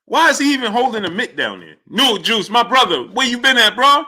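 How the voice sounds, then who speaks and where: Male sports streamer, high and lively, bright, incredulous, repeats lines. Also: a little fast. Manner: animated, incredulous, repeats phrases. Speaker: sports channel host. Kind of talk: live-stream commentary reading super chats.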